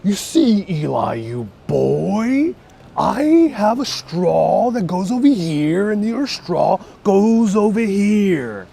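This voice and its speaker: A man doing an impression of a ruthless, gloating middle-aged oil baron, drawing out his words slowly and menacingly. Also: high-pitched, sing-song, gravelly, mellow, a little hiss or hum, voice pushed up, exaggerated voice. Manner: slow, drawn-out menacing delivery. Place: outdoors on a city street. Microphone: wireless clip-on mic.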